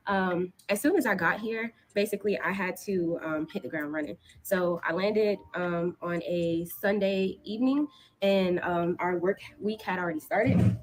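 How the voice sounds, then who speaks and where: A woman's voice: medium pitch, slight background noise, poor audio. A woman who is a teacher, vlogging casually from her apartment with a chatty, rambling manner full of ums and likes. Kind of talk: casual vlog to camera. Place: apartment, indoors.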